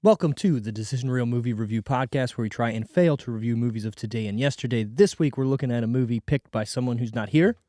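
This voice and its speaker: A man's voice: mid-range voice, quick pace, few pauses, warm tone, no echo, clean studio sound. A man hosting a movie review podcast in casual chat, a little sick and congested, rambling and joking. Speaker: podcast host.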